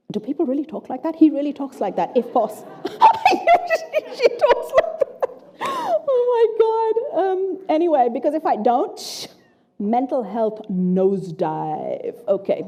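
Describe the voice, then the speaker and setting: Mellow-voiced middle-aged woman lecturing. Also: a little high. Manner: animated, reading out interview quotes with blunt swearing. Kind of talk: public lecture.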